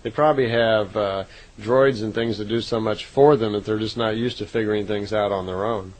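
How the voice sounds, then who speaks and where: A man's voice: lowish voice, steady tone, normal speed, rough recording. A man recounting events in a casual, unscripted way, speaking conversationally with frequent fillers and self-corrections. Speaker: narrator recounting contact reports. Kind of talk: casual spoken retelling.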